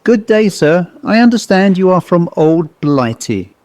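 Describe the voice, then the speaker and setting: A man doing a jolly old English gentleman. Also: sits high, big pitch swings, measured pace, dry recording, pitched above the performer's own voice. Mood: jovial. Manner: hearty, old-fashioned, chummy. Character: jolly elderly English gentleman, upper-class.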